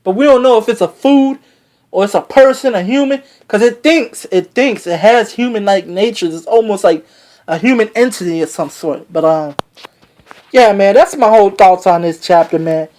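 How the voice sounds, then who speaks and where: Excitable, profane manga recapper. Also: medium pitch, normal speed. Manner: excitable, slangy and heavily profane; rambling with many fillers and restarts. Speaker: anime and manga reviewer. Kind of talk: casual recap of a manga chapter.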